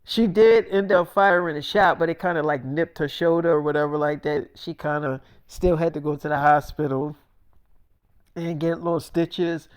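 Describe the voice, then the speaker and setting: Casual gossipy storyteller, mid-pitched, profane and chatty. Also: fairly even intonation, normal speed, clear, resonant tone. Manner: profane, gossipy retelling with quoted dialogue.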